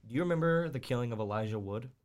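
A man's voice: mid-range voice, expressive, very fast. Young man, mid-range voice, podcast co-host, blunt, swears a lot, says "like" constantly. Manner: blunt and profane, filler-heavy, full of "like". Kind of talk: casual podcast discussion.

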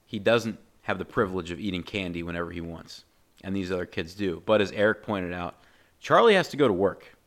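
Very deep-voiced man, dry podcast co-host. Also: a little fast. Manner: dry, deadpan joking. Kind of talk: casual movie discussion.

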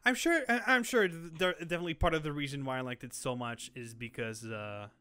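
Young man, casual podcast chat, bright voice, slightly high, excitable, filler-heavy. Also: a little fast, smooth. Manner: excitable, rambling, many fillers. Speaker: podcast co-host.

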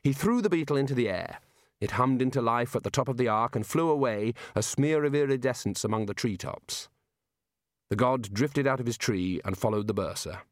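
Man narrating a storybook, measured. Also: medium pitch, expressive, dry recording, studio quality. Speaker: audiobook narrator. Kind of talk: scripted narration.

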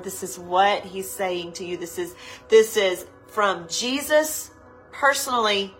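A woman pastor giving a live devotional sermon, earnest and pleading, repeating her phrases and slowing down to linger on words, teary-eyed. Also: mid-range voice, a bit bright, faint music behind, poor audio.

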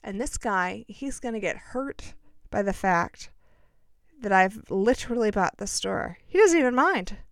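A woman rambling through a personal story in a chatty, self-mocking way, tossing in dramatic asides. Her voice is smooth and clear, sits at a middle pitch, and is recorded close and dry with no room sound. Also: lively intonation, a little slow, no room sound. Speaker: vlogger telling a personal story. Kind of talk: casual storytelling chat.

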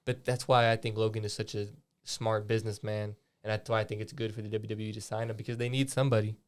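The speaker is a young man co-hosting a podcast, loose and rambling, with lots of fillers, restarts and frequent cursing. His lowish, smooth voice has a flat delivery and a quick pace.

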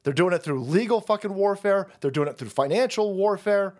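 A man's voice: sits high, lively intonation, brisk. A man hosting a political commentary stream, ranting in a rambling, sarcastic and foul-mouthed way. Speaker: host.

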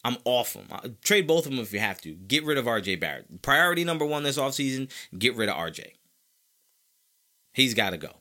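With a medium-pitched voice and a slightly fast delivery, this sports podcast host talks in a casual, emphatic way. He pushes his opinions with animation and keeps repeating his points.

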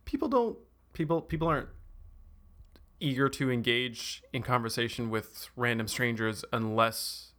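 A Canadian man chatting casually, easygoing and halting, often restarting his sentences. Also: medium pitch, bright, forceful tone. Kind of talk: casual chat.

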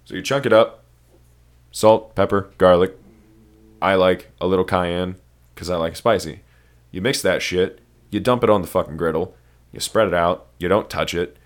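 A man's voice: sits low, moderate pace, long pauses. A man hosting a podcast, talking casually in a loose, rambling way with lots of swearing. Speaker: podcast host. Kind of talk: casual chat.

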